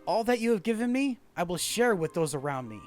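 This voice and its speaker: A man's voice: high voice, big pitch swings, fairly quick, faint music behind. A man reading as an earnest young geiko. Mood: heartfelt. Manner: formal, heartfelt reading.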